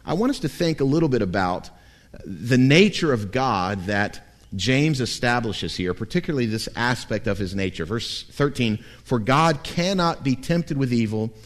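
A man delivering a sermon as a pastor, his voice sitting at an ordinary middle pitch. He preaches with lively animation and a wry, humorous edge. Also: moderate pace.

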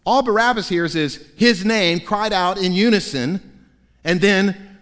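A man preaching a sermon as pastor, telling the story dramatically and swinging between loud passages and hushed ones. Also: high-pitched, measured pace. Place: church sanctuary. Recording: long reverb of a large hall.

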